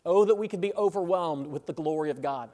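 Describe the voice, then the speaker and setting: High-voiced male preacher in a reverberant hall. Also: brisk, dark tone. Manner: conversational, checks in with "right?"; chuckles between phrases, grows intense. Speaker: pastor. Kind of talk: sermon. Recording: long reverb of a large hall.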